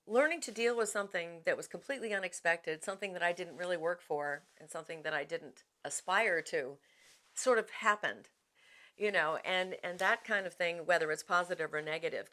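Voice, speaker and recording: A middle-aged woman voice actor talks through interview answers, chatty and self-deprecating. Her voice sits a little low, and she restarts her sentences often. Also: a bit bright.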